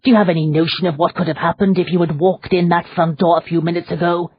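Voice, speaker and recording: A stern Victorian gentleman with hypnotic powers, read by a woman narrator, snapping out clipped, commanding lines in a low, husky tone. The recording is close, dry and slightly dull. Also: steady tone, fast, no room sound. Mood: angry. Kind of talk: audiobook character voice.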